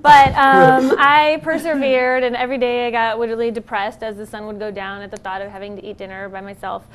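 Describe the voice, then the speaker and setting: Laughing, animated woman telling a story. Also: fairly high pitch, brisk. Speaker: celebrity guest. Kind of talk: comic anecdote on a game show.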